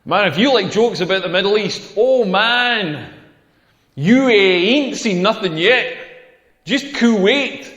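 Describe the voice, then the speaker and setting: A man's voice: sits high, lively intonation, takes it slowly, a bit bright, lo-fi sound, exaggerated voice. A man playing a cheeky stand-up comedian who delivers crude pun jokes in a set. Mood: deadpan. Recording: echoey club hall.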